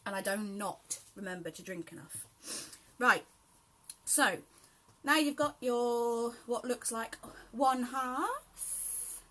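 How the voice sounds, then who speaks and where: A woman's voice: on the high side, slow pace, fairly bright tone. A British woman chatting casually in a rambling way while she sews, with lots of ums and laughs. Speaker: sewing vlogger. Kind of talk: casual chat while sewing.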